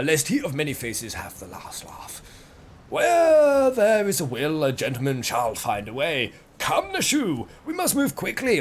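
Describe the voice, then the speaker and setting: A man voicing a flamboyant, excitable gentleman inspector who speaks grandly. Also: fairly high pitch. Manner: theatrical, grandiose.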